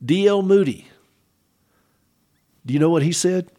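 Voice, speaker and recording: A man giving a devotional Easter talk in a reflective way, pausing for effect and asking the listener direct questions. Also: high-pitched. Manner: reflective, with expressive pauses and emphasis.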